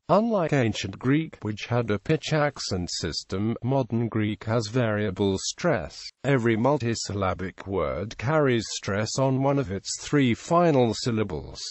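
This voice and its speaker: A man's voice, computer-generated, reading an encyclopedia article aloud in an even, flat delivery. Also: on the low side, no echo. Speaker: article reader. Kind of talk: text-to-speech article narration.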